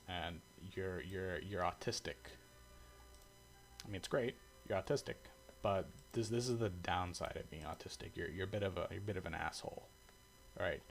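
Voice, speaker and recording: A man's voice: low-pitched, moderate pace, vocal fry, a little hiss or hum, poor audio. A man giving casual, rambling commentary full of swearing and fillers, reacting aloud as he browses online. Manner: rambling and profane, many fillers. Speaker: airsoft video creator.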